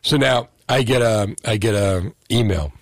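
Chatty radio host, low voice. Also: male voice, dry recording. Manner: chatty storyteller, quick asides. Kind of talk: casual call-in radio talk.

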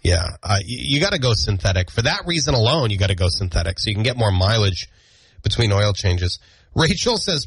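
Lively, husky male morning radio host. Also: fairly low pitch, brisk, dry recording. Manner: jokey, reads out listener comments. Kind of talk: casual radio banter.

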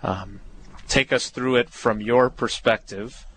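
A man's voice: mid-range voice, steady tone, takes it slowly, fairly bright tone, a little hiss or hum. A man hosting an interview, asking questions in a casual, joking, conversational way. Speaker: radio show host.

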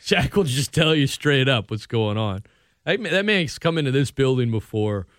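A man hosting sports talk radio in casual chat, animated and laughing often. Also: mid-range voice, moderate pace, no echo, clean studio sound.

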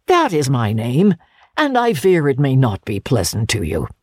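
Lady doing a giddy old miser gone kind, breathy, swoops all over. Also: a bass voice, wildly swooping pitch, moderate pace, no room sound, studio quality, full character voice. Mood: eager, earnest. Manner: warm, eager and effusive. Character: joyful old man, reformed miser.

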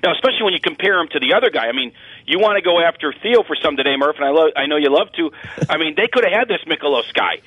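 A man reporting in as a baseball reporter, telling stories quickly on a sports radio show. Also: fairly high pitch, expressive, no echo, highs cut off.

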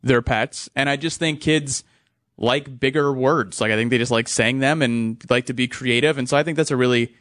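A man's voice: mid-range voice, moderate pace, a bit bright, no echo, clean studio sound. A young man co-hosting a radio talk show, friendly and agreeable in casual chat. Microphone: studio microphone.

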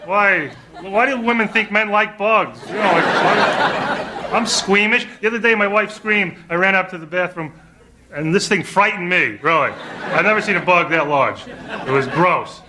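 A man from New York doing a stand-up routine in a deadpan, self-mocking manner, heard in an old recording with a loud crowd and noise. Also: high voice, a little slow. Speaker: stand-up comedian.

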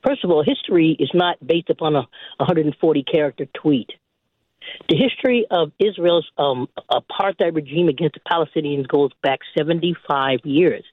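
An older man calling in to a talk radio show, lecturing forcefully with scorn. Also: fairly high pitch, moderate pace, no echo. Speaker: caller. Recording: dry phone line.

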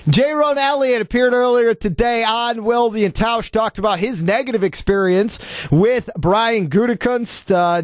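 A man's voice: high voice, no room sound, clean studio sound. A man hosting sports talk radio, teasing his co-hosts and rattling off promos and phone numbers.

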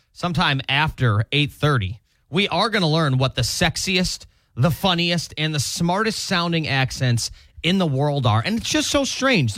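A man's voice: a little high, fairly bright tone, no room sound. A young man from the co-hosting a morning radio show, laughing often in casual banter on a close studio mic.

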